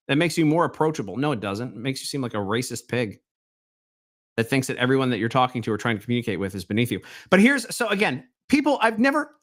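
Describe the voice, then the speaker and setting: A middle-aged man hosting a reaction commentary show, sarcastic and mocking, dropping to mutters and then bursting out loud. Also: medium pitch, sing-song, quick pace. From Southwest Baltimore, US.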